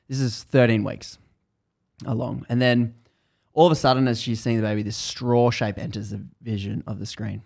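A man hosting a podcast, casually retelling a book's story in animated bursts that build tension. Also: medium pitch, normal speed, vocal fry. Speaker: podcast host. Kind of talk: casual book recap chat.

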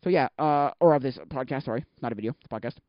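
A man's voice: mid-range voice, rapid-fire, no echo, dull audio. A man hosting a solo podcast, chatting casually and rambling, often correcting himself and losing his thread. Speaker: podcast host.

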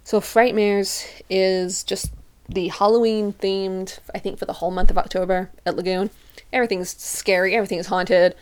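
A young woman telling a personal story in a casual, animated way, acting out what she and her friends said. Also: medium pitch, normal speed, smooth. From living in Utah. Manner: animated, acts out her friends and herself in quoted voices.

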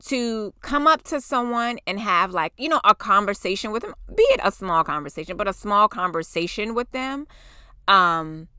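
Animated woman in her forties telling a story. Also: mid-range voice, clear, resonant tone, no echo, studio quality. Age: 40s. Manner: animated, swears freely, acts out quotes. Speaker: podcast host. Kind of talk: casual storytelling.

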